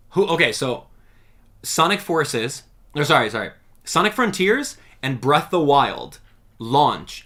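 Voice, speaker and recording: A man hosting a casual livestream, chatting with viewers and ranting emphatically about games. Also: medium pitch. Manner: animated, emphatic, rants with "dude" and "man". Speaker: livestream host reacting to a game showcase.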